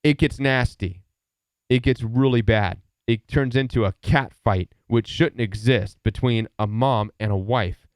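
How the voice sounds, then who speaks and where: A man's voice: mid-range voice, unhurried, clear, resonant tone, dry recording, studio quality. A man hosting a live stream, giving earnest, emphatic advice and telling stories in a casual way. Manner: emphatic, earnest, storytelling with repeated words. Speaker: live stream host, relationship advisor.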